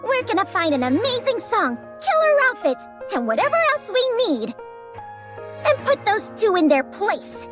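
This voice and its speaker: A fiery young woman manager insists and scolds in a very high, lively voice. She talks bossy and indignant, never backing down. Game music plays clearly under her lines. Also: normal speed. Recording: game dialogue over music.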